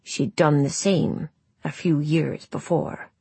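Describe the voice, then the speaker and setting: Woman doing a gruff old village man. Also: deep voice, steady tone, slow pace, dark tone, no room sound, full character voice. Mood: bitter. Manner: blunt, clipped, grumbling.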